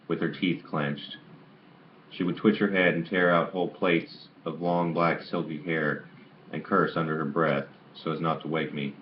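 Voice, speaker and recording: A man reading a novel aloud in an amateur way, stumbling and restarting on some words, on a dull lo-fi recording with faint hiss. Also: rumbling low. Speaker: audiobook reader.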